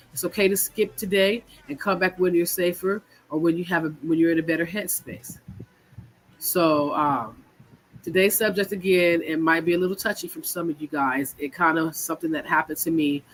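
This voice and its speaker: A woman's voice: on the low side, steady tone, fairly bright tone, slight background noise. Stuffy-voiced woman telling her own story. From California. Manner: candid, halting, with frequent fillers. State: stuffy from a cold. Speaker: podcast host. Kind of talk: personal storytelling.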